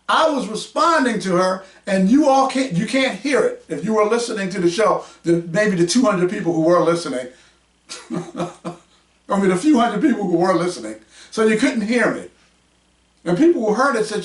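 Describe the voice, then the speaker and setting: A man hosting his own podcast, combative and mocking, raising his voice to a shout as he rants. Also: high voice, animated, moderate pace. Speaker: podcast host. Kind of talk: heated podcast rant. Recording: roomy echo, mic at a distance.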